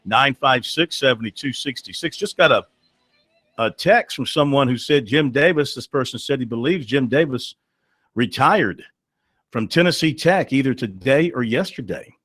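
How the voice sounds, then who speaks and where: A man's voice: medium pitch, lively intonation, normal speed, a bit bright, no echo. A man hosting a call-in sports radio show, chatting in a folksy, storytelling way with plenty of fillers. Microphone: studio microphone.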